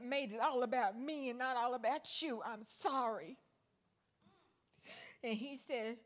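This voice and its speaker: A woman's voice: on the high side, normal speed. A woman preaching a live sermon in a church, speaking with a fervent preaching cadence and repeated emphatic phrases. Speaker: church first lady preaching. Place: church worship center.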